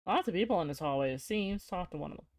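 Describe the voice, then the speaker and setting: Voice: mid-range voice, expressive, fast, no echo, clean studio sound. A streamer playing a game, reading its text aloud with chatty asides as casual commentary.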